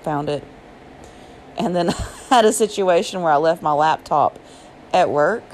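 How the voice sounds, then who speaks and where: A woman with a fairly low voice talks through her own thoughts on a solo podcast. She rambles in a loose, chatty way, with lots of fillers and small laughs. A faint hiss of noise sits under the recording. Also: a little slow, darkish tone, rough recording. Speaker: podcast host. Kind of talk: solo reflective podcast monologue. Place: Jacksonville.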